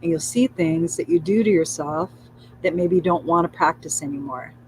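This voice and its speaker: A woman hosting a live spiritual talk, repeating gentle affirmations and swearing now and then. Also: deep voice, normal speed, slight background noise, low-quality recording. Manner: soothing, repetitive affirmations with swearing and laughter. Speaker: spiritual livestream host.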